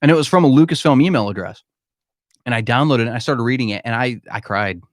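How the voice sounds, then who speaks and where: A man's voice: mid-range voice, quick pace, no room sound, clean studio sound. Candid man hosting a live Q&A. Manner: candid, emphatic, calls listeners "man". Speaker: podcast host. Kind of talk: live-stream Q&A chat. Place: home room.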